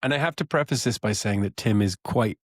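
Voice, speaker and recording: A man's voice: lowish voice, a little fast, dry recording. Genial man co-hosting a podcast. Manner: genial, hesitant, wraps up the show. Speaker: podcast co-host, former cast member. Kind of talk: casual podcast chat.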